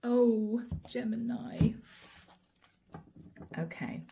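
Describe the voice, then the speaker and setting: A woman's voice: on the high side, extremely slow, noisy background. A woman giving a chatty channeled tarot reading to camera, laughing often and voicing her listeners' inner thoughts. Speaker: tarot reader.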